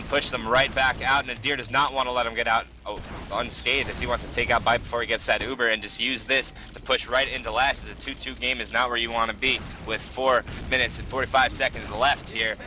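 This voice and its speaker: Excitable male esports caster. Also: mid-range voice. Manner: excitable, voice jumps up in big plays. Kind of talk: live play-by-play commentary.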